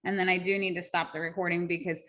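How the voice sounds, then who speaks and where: Lady hosting a zoom forum, kinda low voice, upbeat and encouraging. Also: level tone, fast talker, fairly bright tone. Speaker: forum host. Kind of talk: casual online meeting talk. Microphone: video call.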